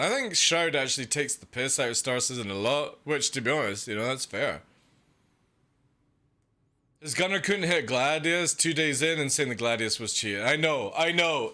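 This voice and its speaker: A man's voice: medium pitch, bright, forceful tone. Brash, profane man ranting on stream. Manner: profane, ranting, mocking with quick put-on voices. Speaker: game streamer. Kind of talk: casual live-stream rant.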